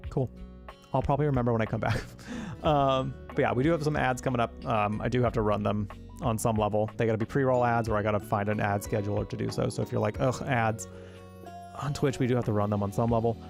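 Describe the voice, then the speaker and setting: A man's voice: medium pitch, fairly even intonation, fast, gravelly, darkish tone, soft background music. A young man livestreaming a game, chatting and joking with his chat in a casual, filler-heavy way.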